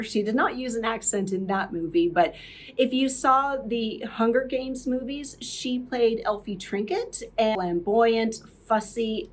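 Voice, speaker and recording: A woman hosting a podcast, narrating from a script in a chatty way with fillers and restarts. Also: a little high. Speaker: podcast host.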